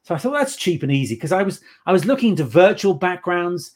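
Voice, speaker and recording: A man's voice: high-pitched, big pitch swings, fast, a little mellow. A man on a casual interview, telling playful anecdotes about his work as an improv performer. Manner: chatty anecdotal storyteller, playful.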